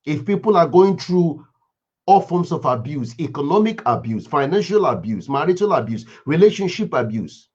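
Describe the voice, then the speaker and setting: A man's voice: on the high side, sing-song, moderate pace, a little mellow, breathy edge. A man giving an impassioned moral talk, with emphatic, repetitive lines like a preacher's. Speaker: speaker giving a moral reflection. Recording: dull lo-fi recording.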